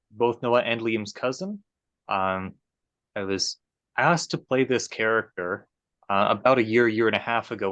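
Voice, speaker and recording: A man with a fairly low voice, joining a game as a guest player. He speaks in a measured, polite way. The recording is dull and lo-fi, and dry. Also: a bit bright, no room sound. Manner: measured, polite self-introduction. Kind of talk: casual chat.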